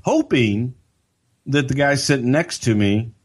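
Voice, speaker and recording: An older man telling a story in a casual podcast chat, as a lively storyteller who jumps into other people's voices. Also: mid-range voice, a little slow.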